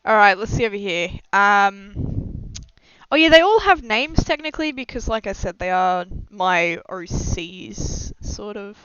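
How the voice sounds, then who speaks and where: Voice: medium pitch, sing-song, unhurried, fairly bright tone, clear, resonant tone, dry recording. A young adult streamer chatting casually and rambling with frequent giggles and self-deprecating asides during a live stream. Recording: slightly dull lo-fi mic, dry.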